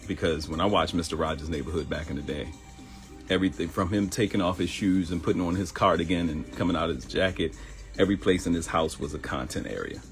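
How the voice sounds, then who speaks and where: Deep-voiced man hosting a live show. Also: steady tone, quick pace, faint music behind. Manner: conversational, preachy, joking. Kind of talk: casual livestream monologue.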